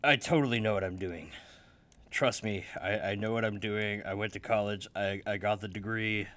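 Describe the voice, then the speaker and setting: A man's voice: lowish voice, normal speed, no room sound. Self-mocking man producing a beat. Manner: joking, self-mocking, swings between loud and mumbled. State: still waking up. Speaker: music producer. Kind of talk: casual talk while making a beat. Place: home office.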